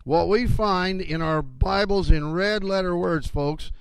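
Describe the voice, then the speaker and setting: Gravelly preacher calling for amens. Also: male voice, high-pitched, measured pace, dry recording. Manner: emphatic, calls for amens. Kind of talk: sermon.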